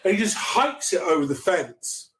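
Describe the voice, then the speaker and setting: A man's voice: high-pitched, sing-song, fairly bright tone. A middle-aged man, a podcast guest, telling a story casually, often restarting his sentences with stammers. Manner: halting, with many restarts and stammers.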